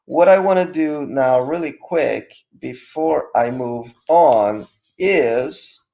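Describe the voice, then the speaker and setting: A male teacher reviewing vocabulary for an online class, stressing each term loudly and explaining it over a video call. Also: medium pitch, slow, creaky. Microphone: computer mic on a video call with screen sharing.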